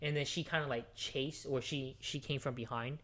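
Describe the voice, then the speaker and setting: A man co-hosting a podcast, retelling a movie plot in casual chat with lots of fillers and swearing, dropping to a hushed recap and then bursting out loudly. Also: medium pitch, normal speed. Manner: excitable, profane storyteller with many fillers; jumps between hushed recap and loud outbursts. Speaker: podcast co-host.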